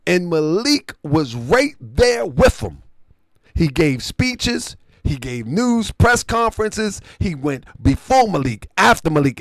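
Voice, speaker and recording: A man with a high, gravelly voice tells a story in casual commentary, his pitch leaping up and down as he acts out both sides of a conversation. He keeps checking that the listener follows along. The recording is dry and close. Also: no room sound. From Baltimore area. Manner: conversational, retells dialogue, asks listener to follow. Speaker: online show host.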